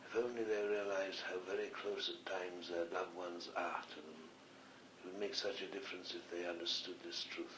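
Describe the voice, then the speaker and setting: A man's voice: deep voice, flat delivery, moderate pace, a bit bright. A man with a slight Scottish accent speaking as a spirit communicator at a séance, earnest and rambling. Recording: echoey, distant old archive recording with faint hiss.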